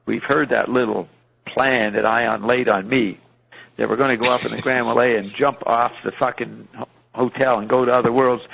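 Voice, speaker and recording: A man's voice: medium pitch, vocal fry. A man hosting a radio show, reading out a film script and commenting on it casually with some profanity. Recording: muffled radio broadcast.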